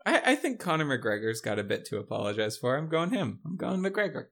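A man's voice: medium pitch, very animated, brisk, creaky, fairly bright tone. A man guessing quotes on a casual podcast, stammering and joking as he goes. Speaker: podcast guest and quiz contestant.

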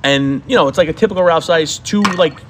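A man's voice: fairly high pitch, a little fast, background noise. A man co-hosting a podcast, boastfully telling crude stories and laughing at himself. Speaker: podcast co-host. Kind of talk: casual chat.

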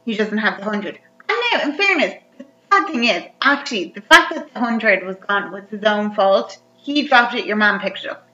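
Bright, chatty woman. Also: medium pitch, moderate pace. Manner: chatty, animated storytelling. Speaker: podcast co-host. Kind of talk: casual chat recapping a film. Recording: roomy, dull lo-fi recording.

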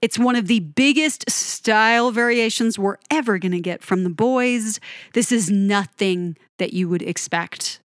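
A woman's voice: mid-range voice, a little slow, dry recording. A young woman talks through a song breakdown in an upbeat, chatty way, laughing often as she goes. Her voice sounds a bit froggy and short of breath after exercise. The recording is close and dry, with no room sound. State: winded and a little froggy after a run. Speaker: music podcast host. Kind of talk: casual solo music analysis.

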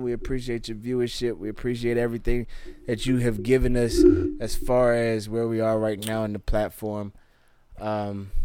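A man's voice: fairly low pitch, darkish tone, smooth. A man co-hosting a podcast in casual, slangy, laid-back chat, telling stories and thanking listeners. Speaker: podcast co-host.

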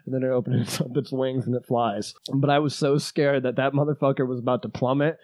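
A man casually tells a long travel story in a mid-pitched voice, speaking fairly quickly with no echo. He's animated, swears a lot, and acts out what people said.

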